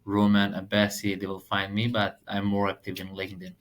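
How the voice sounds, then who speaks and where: A man in his thirties from Afghanistan with an Afghan accent, a podcast guest speaking earnest, halting second-language English. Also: fairly low pitch, completely flat delivery. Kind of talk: podcast interview.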